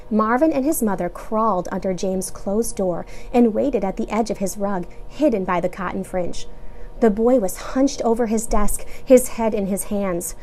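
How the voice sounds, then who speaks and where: A woman teacher reading a children's novel aloud in an expressive way. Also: mid-range voice, normal speed, slight background noise. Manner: expressive, animated read-aloud.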